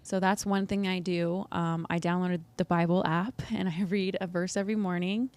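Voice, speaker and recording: A woman in her thirties talking openly as a podcast guest, upbeat and quick to laugh, with plenty of "like". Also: fairly low pitch, steady tone, darkish tone, no room sound. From United States. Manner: open, upbeat, laughs often, uses "like" a lot. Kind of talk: candid conversational interview.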